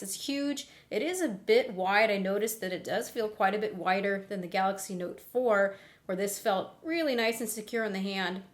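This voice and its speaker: A young woman giving a candid, conversational phone review while getting over laryngitis. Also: medium pitch. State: recovering from laryngitis. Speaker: tech reviewer. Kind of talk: casual product review.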